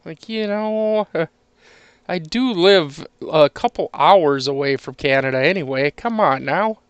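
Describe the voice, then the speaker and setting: A man with a slightly high, smooth voice talks through a coin hunt in an easygoing way. He chats casually and chuckles between remarks. The sound is close and dry. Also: animated, slow pace, dry recording, dull audio. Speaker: coin collector streaming a penny hunt. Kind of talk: casual chat while sorting coins.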